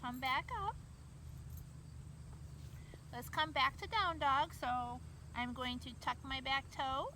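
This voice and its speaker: A woman with a high voice guides children through yoga poses in an unhurried, encouraging way. She stands well away from the camera outdoors, so her voice sounds distant. Clear outdoor noise sits behind her. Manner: gentle, encouraging, talks to kids directly. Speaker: kids' yoga teacher. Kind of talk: guiding a children's yoga class. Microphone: camera mic from far away.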